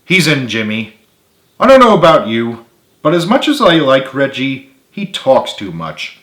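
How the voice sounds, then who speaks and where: A man voicing a brisk young woman who is easily exasperated. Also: mid-range voice, huge pitch swings, fairly bright tone, echoey room.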